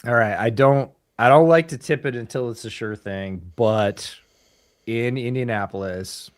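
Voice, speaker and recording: A man co-hosting a live sports podcast, telling an animated story in a casual chat and acting out the quotes. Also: mid-range voice, unhurried, dry recording, studio quality. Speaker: podcast co-host.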